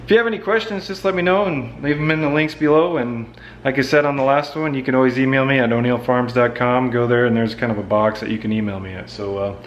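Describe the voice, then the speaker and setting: A mid-range male voice comes through at a quick pace with a bit of hiss or hum in the recording. The speaker is a laid-back central Nebraska farmer and vlogger, rambling loosely about his farm work outdoors beside machinery in a casual walkaround video.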